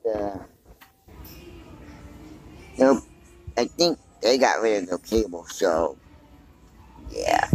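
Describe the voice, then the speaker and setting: A man's voice: fairly low pitch, very animated, very slow, creaky, pauses often, faint music behind, poor audio. A man vlogging casually from inside a big store on a handheld phone, rambling and thinking aloud as he browses. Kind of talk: casual walk-and-talk vlog.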